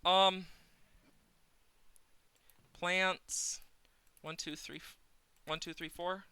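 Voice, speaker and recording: A man's voice: high-pitched, little pitch movement, very slow, pushed and bright, smooth, dry recording. A man streaming a game live, talking to himself with exasperated running commentary, swearing at the game and counting under his breath into a desk mic.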